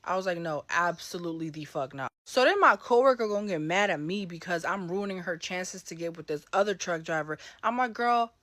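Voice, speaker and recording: A woman in her twenties telling a story in a blunt, profane, animated rant. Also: fairly low pitch, fairly quick, few pauses, dry recording. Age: 20s.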